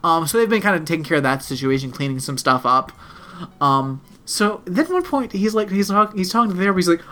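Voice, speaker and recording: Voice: mid-range voice, lively intonation, quick pace, a bit bright. Rambling, profane podcast co-host. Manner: rambling and profane, heavy use of "like". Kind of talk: casual chat, retelling a TV episode.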